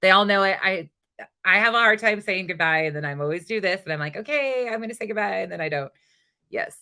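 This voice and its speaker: Blunt, bright-voiced woman livestreamer. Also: fairly low pitch, fairly even intonation, fairly quick, smooth. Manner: blunt, exasperated, swears freely. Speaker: livestream host. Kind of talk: casual livestream commentary.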